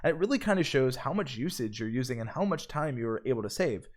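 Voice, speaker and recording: A man's voice: mid-range voice, expressive, quick pace. A man hosting a live stream tutorial, upbeat, reading viewer comments aloud between explanations. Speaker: livestream host. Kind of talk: live stream tutorial with chat shout-outs.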